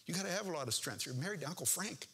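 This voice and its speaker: An older male pastor delivers a folksy sermon, moving between reading scripture verses and making joking, homespun asides. His voice is bright and forward, with a husky, slightly rough edge. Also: a little high, expressive, rapid-fire.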